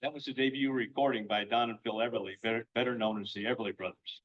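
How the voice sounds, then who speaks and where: A man's voice: medium pitch, fairly even intonation, quick pace. A man co-hosting a sing-along, giving facts about the songs and teasing his partner a little. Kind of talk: introducing songs. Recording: distant, dull sound.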